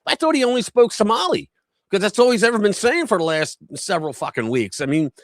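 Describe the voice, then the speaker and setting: A man's voice: sits high, sing-song, fast, no echo, studio quality. A man hosting a live news commentary stream, talking in a blunt, heated, profane way.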